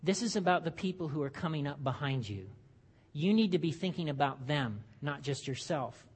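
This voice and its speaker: A man's voice: a little high, lively intonation, moderate pace, husky. A man preaching a sermon in a church, in a conversational way with joking asides and frequent restarts. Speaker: pastor.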